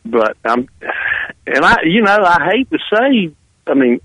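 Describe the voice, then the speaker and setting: Old-school male talk show co-host, halting delivery with many restarts. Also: on the high side, very animated, a bit bright, no room sound, rough recording. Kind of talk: casual talk show chat.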